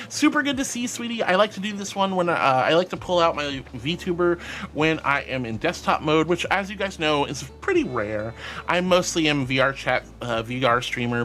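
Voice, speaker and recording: A bubbly man chats on a live stream and reads out chat messages, his voice bright and a little high. He swoops all over his range and keeps calling viewers sweetie. Soft music plays faintly behind him.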